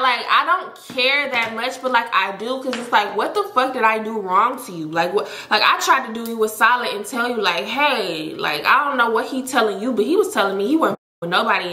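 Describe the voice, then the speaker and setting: A young woman talks to her viewers with a bright, clear voice, chatty and animated, with filler words all through. The sound bounces around an echoey room. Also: fairly high pitch. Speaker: storytime vlogger. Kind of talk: casual storytelling to viewers.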